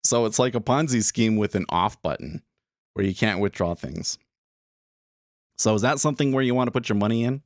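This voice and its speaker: A man's voice: fairly low pitch, fairly quick, no echo, studio quality. A man hosting a day trading livestream, talking casually and rambling with lots of fillers and restarts. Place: home studio room.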